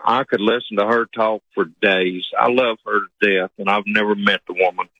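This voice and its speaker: A man's voice: fairly low pitch, steady tone, normal speed, no echo. Polite male caller over a muffled phone. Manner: earnest, polite, says "sir". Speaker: caller, truck driver. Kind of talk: calling in to talk radio.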